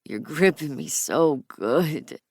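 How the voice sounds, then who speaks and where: A woman narrator voicing an adult man as a lover, speaking low, slow and murmured. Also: animated, darkish tone, slightly rough, heavily acted. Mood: intimate.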